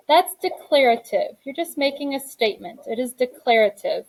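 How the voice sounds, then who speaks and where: A woman's voice: sits high, lively intonation, normal speed, poor audio. A young adult woman teaching a grammar lesson in a classroom, reading each exercise aloud and then explaining the answer.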